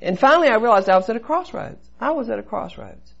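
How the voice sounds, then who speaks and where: A woman's voice: fairly high pitch, big pitch swings, quick pace, creaky, hardly any pauses, slightly rough. A woman giving an earnest personal testimony at a recovery meeting, telling her story with lots of repetition. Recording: dull lo-fi recording.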